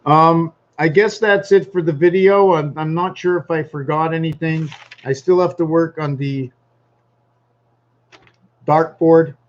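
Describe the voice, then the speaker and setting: A man's voice: fairly high pitch, highs cut off. A man rambling in a casual vlog monologue at home, thinking aloud and wandering from topic to topic. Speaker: vlogger.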